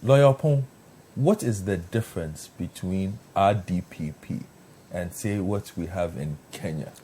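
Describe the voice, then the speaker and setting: A man hosting a TV panel discussion, probing his guests and reading out figures deliberately. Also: low voice, mellow, husky. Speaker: TV talk show host. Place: TV studio.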